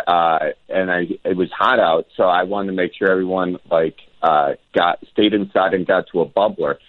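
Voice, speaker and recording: A man's voice: low voice, dry recording. Man from wisconsin, comedian guest, jokey storyteller, phone-line sound. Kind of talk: casual interview chat.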